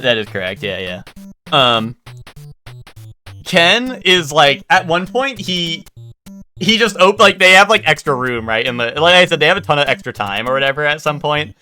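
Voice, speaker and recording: Lively, bright-voiced man rambling to his stream. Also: a little high. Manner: rambling storytelling with many fillers and restarts. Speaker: livestreamer. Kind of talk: casual livestream chat.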